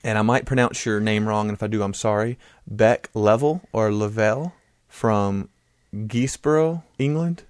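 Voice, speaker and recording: A man's voice: on the low side, moderate pace, clear, resonant tone, no echo, clean studio sound. Easygoing man co-host. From United States. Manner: easygoing, joking, stumbles over place names. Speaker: podcast co-host. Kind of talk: casual chat reading listener messages.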